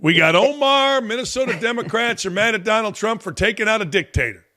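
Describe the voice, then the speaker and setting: A man's voice: sits high, animated, brisk. A man hosting his own talk show, ranting in a brash, mocking way. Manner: brash, mocking, loud jabs. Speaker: podcast host. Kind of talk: opinion rant on a talk show.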